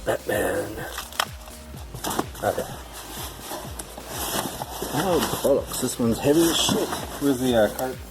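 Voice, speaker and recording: A man hosting a vlog, giving casual commentary while unboxing a storage unit. He jokes, swears freely and thinks out loud. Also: medium pitch, lively intonation, slow, long pauses, low-quality recording. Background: background music.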